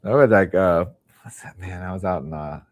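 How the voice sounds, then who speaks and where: A man's voice: low-pitched, moderate pace. A young man hosting a casual podcast chat, laid-back, swearing casually and trailing off mid-sentence. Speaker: podcast host.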